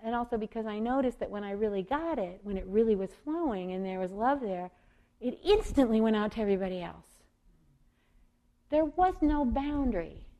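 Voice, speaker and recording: A woman giving a gentle, unhurried meditation talk, with soft fillers and small laughs. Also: fairly high pitch, animated, dull audio. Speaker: meditation teacher and singer. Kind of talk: gentle spoken dharma talk.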